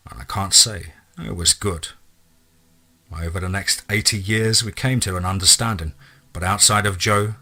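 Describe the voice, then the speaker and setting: A man narrating a first-person story in a measured, wry storytelling manner. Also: on the low side, pushed and bright.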